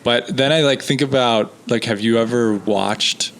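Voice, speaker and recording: A man's voice: medium pitch, unhurried, a bit bright, a little hiss or hum. An American man, a comedian guest on a podcast, chatting in a laid-back, blunt way. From United States. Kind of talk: casual podcast chat.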